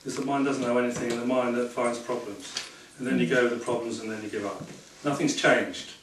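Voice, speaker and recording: A man's voice: mid-range voice, fairly even intonation, fairly quick. A man reading tarot cards for a small audience in a chatty, rambling way, often laughing at his own stories. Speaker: tarot reader. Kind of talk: casual talk to a small audience. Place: room at a public talk. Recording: echoey room, far from the mic, noisy.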